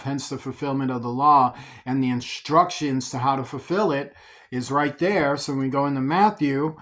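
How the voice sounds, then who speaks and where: A man's voice: mid-range voice, normal speed, fairly bright tone. A man preaching an informal sermon on the commandments, explaining them conversationally with frequent restarts. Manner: conversational, repeats words when restarting. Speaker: preacher teaching scripture.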